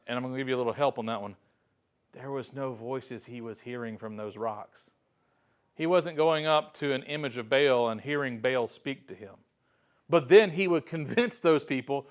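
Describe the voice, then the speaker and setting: Man teaching an informal Bible lesson. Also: medium pitch. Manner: conversational storytelling, acting out quotes.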